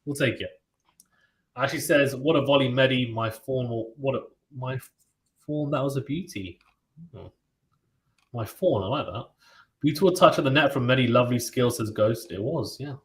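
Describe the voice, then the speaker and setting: A man calls live tennis play-by-play in a loose, conversational way, breaking off to read and answer viewer comments. His voice sits at an ordinary middle pitch. The sound carries a roomy echo, as if he is recording in an untreated space. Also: normal speed, pauses often. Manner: chatty and relaxed, reads out viewer comments and reacts to them. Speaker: host of a live tennis watchalong stream. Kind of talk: live play-by-play commentary mixed with casual chat.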